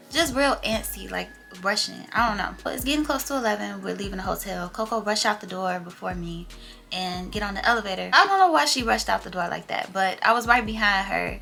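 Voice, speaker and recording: Young woman, vlogger, storytime chat, gravelly fry, bright forceful tone. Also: mid-range voice. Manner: animated, slangy storytelling that acts out quotes.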